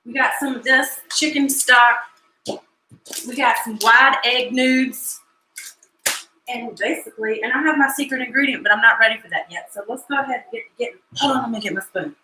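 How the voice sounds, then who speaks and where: A woman's voice: a little high, normal speed, pushed and bright, roomy sound, slight background noise, poor audio. A woman hosting a casual live cooking stream from her home kitchen, chatty and joking in a folksy way.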